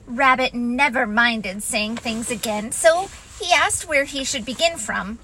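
A woman narrating a storybook in a gentle, expressive reading voice. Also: on the high side, unhurried, few pauses, slightly rough, low-quality recording.

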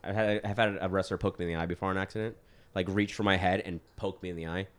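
A man's voice: deep voice, quick pace. A man co-hosting a comedy podcast, telling stories in casual chat, swearing often and acting out what people said. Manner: animated, swearing, acts out quotes. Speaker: podcast co-host.

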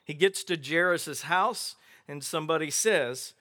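A middle-aged male pastor preaching at an unhurried pace with a slightly high voice. He acts out the people in the Bible stories, jumping between quiet and loud. Birds and outdoor noise can faintly be heard behind him. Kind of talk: sermon. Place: outdoor gathering without a building.

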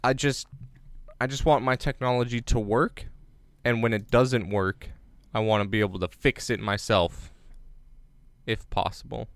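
A man co-hosting a podcast in casual chat, rambling with jokey deadpan asides. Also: medium pitch, measured pace, no room sound. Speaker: podcast co-host. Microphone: remote recording on separate devices.

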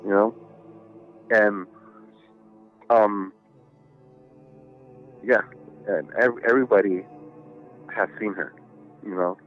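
A man's voice: lowish voice, fairly even intonation, slow, long pauses. A man telling a long story in casual chat, rambling, swearing often and filling gaps with "you know". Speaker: podcast guest. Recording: tinny phone-like line with faint music.

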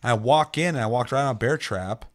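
Young male streamer, casual storyteller, foul-mouthed and animated, mid-range pitch. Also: quick pace. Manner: animated, swears a lot, acts out other players' lines. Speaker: streamer telling a gaming story.

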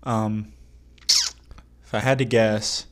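A man's voice: lowish voice, flat delivery, slow pace, clear, resonant tone. A man co-hosting a podcast, trading dry, teasing banter. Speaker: podcast co-host. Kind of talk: casual podcast chat.

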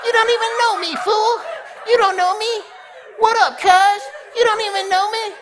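Taunting little street tough played by a man, swaggering slang, voice pushed up high and loud. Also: steady tone, normal speed, crowd noise, background noise. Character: short male street tough, taunting and cocky.

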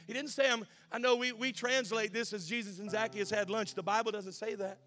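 A male pastor. He swings between shouted, sing-song preaching and quiet, conversational asides. Music plays clearly underneath him. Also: sits high, steady tone, brisk, hardly any pauses. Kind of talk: sermon.

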